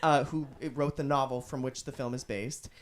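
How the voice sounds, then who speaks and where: A male podcast co-host talks through a classic film in an animated, chatty way. His voice sits in a middle register, and he keeps adding asides as he explains. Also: medium pitch, moderate pace. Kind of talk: casual chat.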